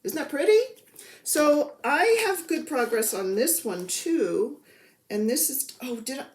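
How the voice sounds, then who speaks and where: Rambling and self-deprecating, this woman shows off her cross-stitch work in a relaxed chat. She has a high, very animated voice, speaks a little slowly, and the sound is roomy.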